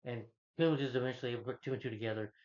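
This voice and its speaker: A man's voice: mid-range voice, rapid-fire, a little mellow, muffled recording. A man casually recapping a film. He rambles, corrects himself and retells scenes with quotes. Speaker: film reviewer.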